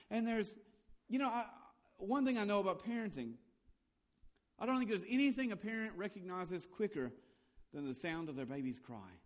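A male pastor preaching a sermon, swinging between loud and hushed lines and building on repeated phrases. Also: sits high, animated, moderate pace.

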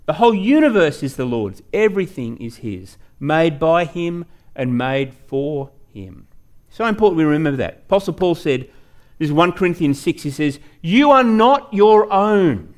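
A man preaching a sermon as pastor, emphatic, slowing down to stress key words and questioning his congregation directly. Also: lively intonation. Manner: rises and falls sharply in pitch and loudness.

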